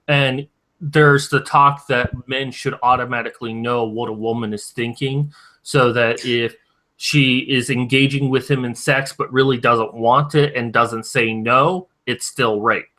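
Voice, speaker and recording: A man co-hosting a casual commentary chat, making steady, argumentative points. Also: mid-range voice, measured pace. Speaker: co-host.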